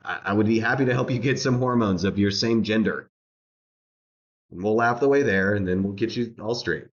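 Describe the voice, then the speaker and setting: A man's voice: on the low side, fairly quick, muffled recording. A man streaming a reaction rant, mocking and laughing as he talks, swearing and repeating himself.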